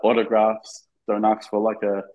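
Excitable Australian man telling a story. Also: fairly low pitch, moderate pace, highs cut off. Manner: excited, nervous storytelling full of fillers and restarts. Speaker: interview guest, fan. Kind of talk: casual storytelling in a podcast interview.

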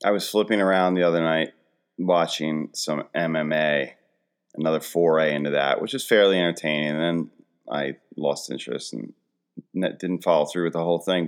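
A man's voice: low voice, clear, resonant tone. A man in his forties hosting a casual comedic monologue, rambling and poking fun at himself. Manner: rambling, self-deprecating storytelling.

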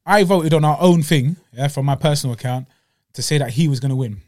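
A man co-hosting a podcast, ranting in animated casual chat and talking straight at the fighter, a little congested and short of breath. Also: a little high, fairly quick, no echo, clean studio sound. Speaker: podcast co-host.

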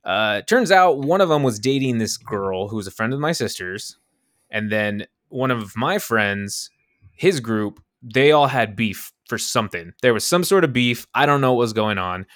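A man's voice: normal speed, dry recording, studio quality. A young man casually telling a story on a podcast, acting out the quotes with big jumps in his voice. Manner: animated, acts out quotes with big pitch jumps. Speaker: podcast co-host.

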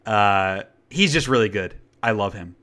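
A man's voice: fairly low pitch, expressive, unhurried, bright, forceful tone. A man co-hosting a podcast, chatting casually about movies he watched, rambling with fillers and restarts. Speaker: podcast co-host. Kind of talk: casual chat reviewing movies.

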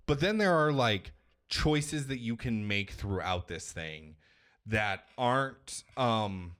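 Deep-voiced man telling a profane story. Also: takes it slowly. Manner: animated, profane storyteller acting out quotes. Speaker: podcast co-host. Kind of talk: casual chat about a video game.

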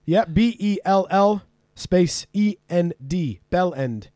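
A man's voice: high voice, slow, warm tone, dry recording, studio quality. A British man hosting a casual chat over a video call, joking and swearing freely as he explains local slang. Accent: mixed British. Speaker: host teaching local slang.

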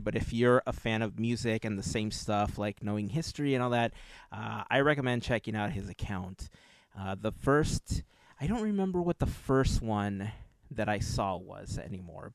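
A man's voice: fairly low pitch, dry recording. A man co-hosting a podcast in casual chat, rambling a little and laughing often, a bit under the weather. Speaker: podcast co-host.

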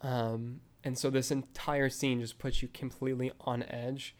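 A man's voice: medium pitch, level tone, unhurried. A man hosting a film review podcast, retelling a scene in a casual, rambling way full of fillers.

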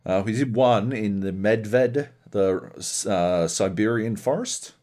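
A man co-hosting a casual gaming podcast, telling profane, animated stories about multiplayer sessions. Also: lowish voice, slow pace. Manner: profane, animated storytelling with lively put-on voices. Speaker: podcast co-host.

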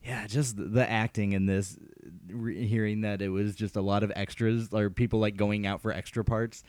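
A man in casual chat, amused and animated as he talks about a ridiculous movie. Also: fairly low pitch, normal speed, clear, resonant tone, dry recording. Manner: amused, animated, acts out quotes.

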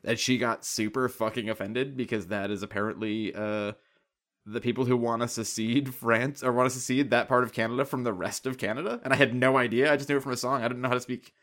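A man's voice: mid-range voice, steady tone, fast talker, a bit bright. A man co-hosting a podcast in casual chat, rambling through stories and laughing often. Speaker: podcast co-host.

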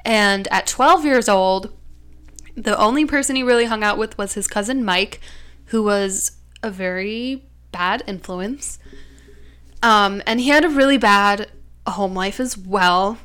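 Smooth-voiced young woman in casual chat. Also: fairly high pitch, slow pace, fairly bright tone. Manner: chatty, many fillers like "like" and "um". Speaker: podcast co-host. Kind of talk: casual true-crime chat.

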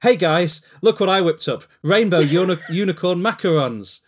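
A man's voice: medium pitch, animated, moderate pace, natural voice. A man reading the lines of an eccentric, whimsical male pastry chef in an upbeat, cheerful way. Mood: cheery.

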